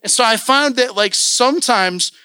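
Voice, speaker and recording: A man preaching to a congregation, his voice pitched high and bright. He tells a personal story in a lively way and acts out his own past outbursts. The sound is close and dry, with no room around it. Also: moderate pace, clear, resonant tone, no echo. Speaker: church elder preaching.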